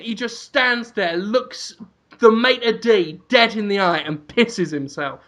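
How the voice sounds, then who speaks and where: A man hosting a podcast, rambling through an absurd comic pitch with amused energy. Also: slow, a bit bright, a little hiss or hum. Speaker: podcast host. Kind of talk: comedic storytelling.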